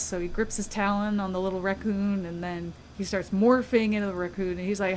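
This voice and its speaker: A woman's voice: medium pitch, brisk, hardly any pauses. Chatty woman retelling a story. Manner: animated storyteller acting out characters' lines. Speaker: podcast co-host. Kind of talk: casual book discussion.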